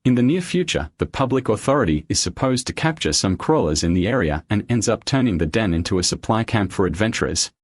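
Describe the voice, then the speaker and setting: A man narrating a comic recap in a steady, scripted storytelling voice. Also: lowish voice, fast, few pauses, no echo.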